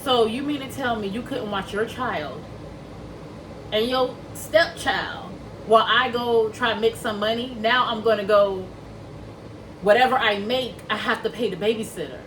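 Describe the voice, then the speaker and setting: A woman's voice: fairly high pitch, normal speed, fairly bright tone, far from the mic, a little hiss or hum, low-quality recording. A woman casually tells a personal story to her viewers, talking them through it and acting out what people said. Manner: chatty, addresses viewers as y'all, acts out quoted dialogue. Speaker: vlogger telling a personal story.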